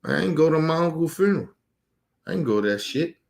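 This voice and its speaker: A streamer rants heatedly about his family, angry, emphatic and swearing constantly in this personal tirade. His voice sits on the high side, animated and fast, with some vocal fry.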